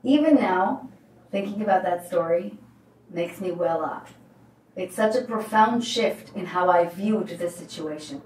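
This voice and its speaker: A woman who works as a life coach, telling a motivational story in an emphatic, animated way. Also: lowish voice, slight background noise. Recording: roomy, distant mic.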